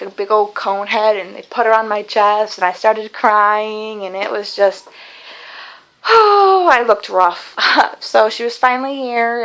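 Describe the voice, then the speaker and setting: A woman's voice: medium pitch, a bit bright, low-quality recording. A young woman telling a long personal story in a casual vlog, chatty and rambling, with many fillers and restarts. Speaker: vlogger.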